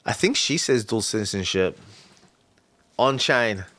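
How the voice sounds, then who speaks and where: A man's voice: lowish voice, animated, measured pace, a bit bright, dry recording. A man hosting a casual livestream who brainstorms rap lyrics aloud, muttering and repeating lines as he works them out. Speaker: livestream host and rapper.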